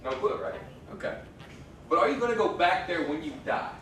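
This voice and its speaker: A male slam poet exchanges pun-filled stage banter before launching into a rhythmic spoken-word piece at an indoor live venue. His high voice is animated, fairly quick and fairly bright, heard distantly in an echoey hall with a little hiss or hum.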